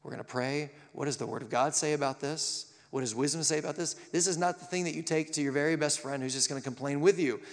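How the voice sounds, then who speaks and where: A man preaching a live sermon, animated and acting out the quotes and stories he tells. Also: fairly high pitch, quick pace, few pauses, long reverb tail.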